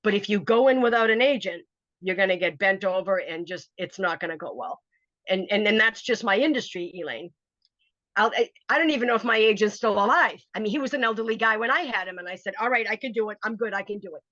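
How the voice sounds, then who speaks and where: A woman telling a personal story in a casual interview, animated and acting out what other people said. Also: mid-range voice, dry recording. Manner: animated, acts out quoted voices. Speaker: author telling her story. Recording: dry, slightly dull recording.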